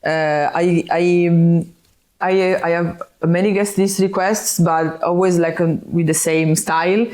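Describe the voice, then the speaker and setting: A woman from Sardinia with an Italian accent talks as a guest in a casual interview. Her voice sits somewhat low, and she chats freely, breaking off and restarting and laughing often. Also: steady tone, measured pace, darkish tone. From Sardinia, Italy.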